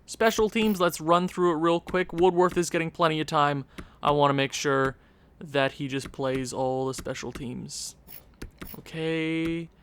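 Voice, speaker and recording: A man's voice: fairly high pitch, measured pace, smooth. A man giving casual, rambling commentary while he plays a video game, correcting himself as he goes. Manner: rambling, chatty, self-interrupting. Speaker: gaming channel host.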